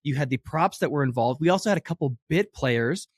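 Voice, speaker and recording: A man's voice: fairly high pitch, expressive, brisk, slightly rough, dry recording, studio quality. A man hosting a podcast, reacting with enthusiasm and asking long, detailed questions. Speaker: podcast host. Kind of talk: casual interview questions.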